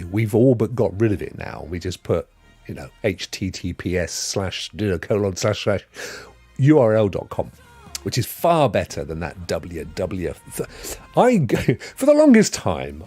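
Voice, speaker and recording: A man's voice: fairly low pitch, wildly swooping pitch, a little slow, mellow, husky, dry recording, soft background music. A man hosting a live gaming stream, chatting casually and jokily and greeting viewers by name. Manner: jokey, rambling, greets chat viewers by name.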